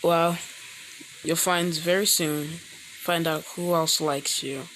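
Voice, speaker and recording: A woman's voice: fairly low pitch, steady tone, slow, fairly bright tone, slight background noise, low-quality recording. Woman doing Kurama, a sly teasing fox demon. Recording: frying food sizzling behind.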